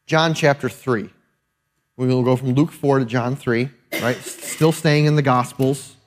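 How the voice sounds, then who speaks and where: A man's voice: mid-range voice, fairly even intonation, unhurried. A male pastor preaching a sermon in a conversational, emphatic way, often checking in with his listeners. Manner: conversational and emphatic, often adding tag questions.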